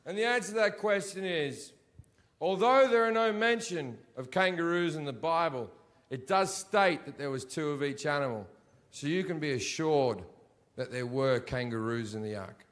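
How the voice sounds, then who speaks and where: Stand-up comic, man, high-pitched, crude, ranting, stage mic in a theater. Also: normal speed. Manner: crude, profane ranting with rising shouts. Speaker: stand-up comedian. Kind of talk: stand-up comedy. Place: theater stage before a live audience.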